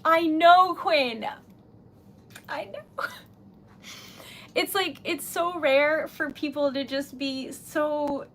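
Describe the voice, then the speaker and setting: Young woman, high voice, unhurried, giggly and choked up, slight hiss behind. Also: fairly bright tone. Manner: giggly, emotional, tearful gratitude. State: losing her voice. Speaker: livestream host. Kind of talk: casual livestream chat. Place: home at midnight.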